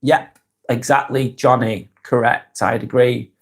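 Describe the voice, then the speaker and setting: A man with a Lancashire accent hosts a casual live stream, reading comments and answering viewers by name. His voice sits at an ordinary middle pitch, and he talks in a plain, direct, conversational way. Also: level tone, measured pace. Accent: Lancashire, Northwest England. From Northwest England.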